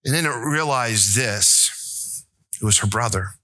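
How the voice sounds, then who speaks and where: Bright-voiced preaching man. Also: unhurried, no echo. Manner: asks the congregation questions and tells jokes; rises to an emphatic, pleading pitch. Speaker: pastor. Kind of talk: sermon.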